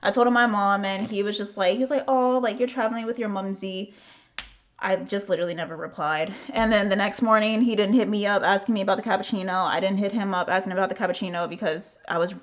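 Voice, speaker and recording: A woman's voice: mid-range voice, fast talker, few pauses. A young American woman telling a storytime to her channel in casual, candid talk, heavy on fillers and swearing. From United States. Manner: candid, profane, lots of "like" fillers. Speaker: vlogger.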